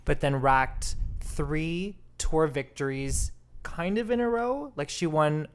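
Male podcast co-host, smooth clear voice, camp and playful, casual chat. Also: fairly high pitch, slow pace.

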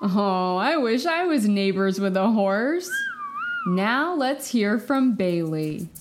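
A woman's voice: mid-range voice, very animated, takes it slowly, background noise. Enthusiastic woman hosting a kids' podcast. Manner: bright, enthusiastic, exclamatory. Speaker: host and children's book author. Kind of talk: children's storytelling podcast hosting. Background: background music.

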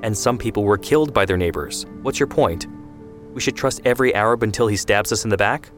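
A man voicing an angry, mocking young man who shouts at his brother. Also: fairly low pitch, brisk, faint music behind, natural voice. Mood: scornful.

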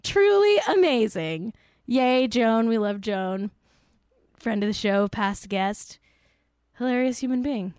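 A woman's voice: medium pitch, steady tone, takes it slowly, long pauses, darkish tone, clean tone, dry recording, studio quality. A woman hosting a show, talking casually with exasperation, swearing often and filling her speech with "like". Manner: exasperated, swears a lot, many "like" fillers. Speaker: podcast host. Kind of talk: casual commentary.

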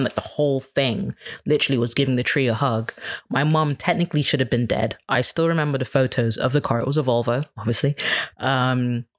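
A woman speaking as an interview guest in casual chat, candid and rambling, often restarting her sentences. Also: extremely low pitch.

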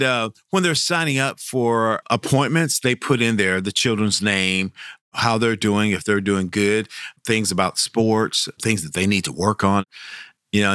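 A middle-aged man from Texas, a professional Santa Claus, tells stories in an interview, animated and quick to laugh. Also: no echo, studio quality. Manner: animated, jumps high when quoting kids, laughs often. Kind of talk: storytelling interview.

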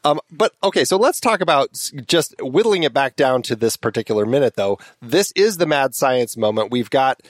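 A man's voice: medium pitch, very animated, moderate pace, few pauses, no room sound, studio quality. A man hosting a casual film discussion podcast, thinking aloud with frequent restarts. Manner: thoughtful, rambling with restarts. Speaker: podcast host.

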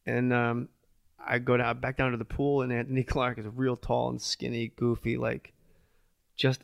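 A man's voice: medium pitch, level tone, normal speed, gravelly, dry recording, studio quality. A middle-aged man from New Jersey, a comedian guest, telling a long story and acting out the voices of the people in it. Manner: acts out voices in his stories, swears freely. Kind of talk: animated storytelling.

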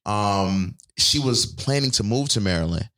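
A man from Buffalo, New York, co-hosting a casual chat and telling stories in an animated, profane way. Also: lowish voice, unhurried, reverberant. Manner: animated, profane, laughing storyteller.

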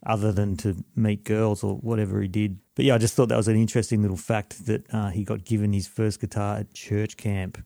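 A man hosting a podcast, chatting and telling stories quickly, often apologising for interrupting. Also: fairly low pitch, little pitch movement, gravelly, dark tone, no room sound, clean studio sound. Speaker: podcast host. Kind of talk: casual chat and storytelling.

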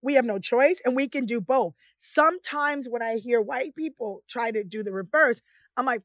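A woman chatting casually, telling lively stories and acting out other people's voices. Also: a little high, normal speed, no echo. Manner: animated storyteller, acts out voices. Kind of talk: casual chat.

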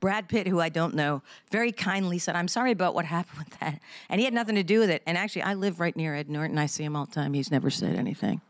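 A woman recounting a story as an interview guest, halting and self-deprecating with stammered restarts. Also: lowish voice, no echo, studio quality. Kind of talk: interview anecdote.

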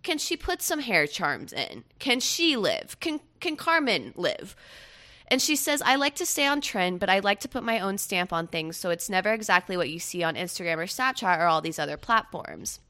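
A young woman hosting a casual pop-culture chat, chatty and quick to laugh. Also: medium pitch, sing-song. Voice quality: bright, chatty, laughs often. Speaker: podcast host.

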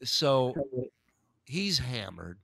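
A man's voice: medium pitch, big pitch swings, gravelly, fairly bright tone, no room sound, studio quality. A man hosting a podcast, chatting casually and joking while reacting to video clips. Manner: joking, quick to laugh, talks over clips. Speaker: podcast host.

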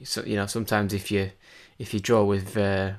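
A man's voice: on the low side, level tone, moderate pace. A man chatting about football on a podcast, rambling and full of restarts. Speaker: podcast co-host. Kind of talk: casual football chat.

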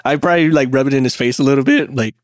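A man's voice: mid-range voice, very fast, no echo, clean studio sound. A man chatting casually on a podcast, laid-back and profane, laughing often at his own stories. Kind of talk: casual chat.

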